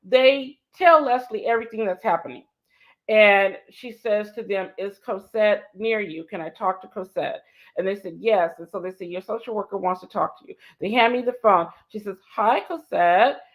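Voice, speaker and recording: A woman's voice: mid-range voice, moderate pace. A woman in her fifties, co-hosting a show, tells a personal story with emphasis, repeating key points and acting out the dialogue. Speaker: co-host sharing a personal story. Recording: dull lo-fi sound.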